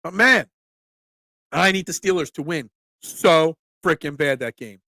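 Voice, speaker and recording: Middle-aged delco guy, gravelly voice, kinda high, talking football and pizza off the cuff, dry close sound. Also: a little slow, sharp tone, no room sound. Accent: Delco (Philadelphia area). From Delaware County, Pennsylvania. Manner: blunt, rambling, reads chat comments. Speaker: host, pizza shop owner. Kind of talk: casual live-stream sports chat.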